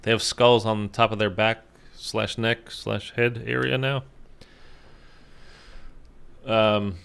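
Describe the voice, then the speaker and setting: A man's voice: lowish voice, fairly even intonation, slow, creaky, fairly bright tone, clean tone. A man talking casually to his viewers about a game as a YouTuber, rambling with lots of fillers and the odd swear, tired from little sleep. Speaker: gaming YouTuber.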